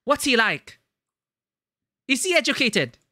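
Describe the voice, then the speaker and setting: A streamer putting on a scolding strict mother, high and indignant. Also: big pitch swings, slow pace, bright, forceful tone, no room sound, studio quality, exaggerated voice. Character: controlling strict middle-aged mother.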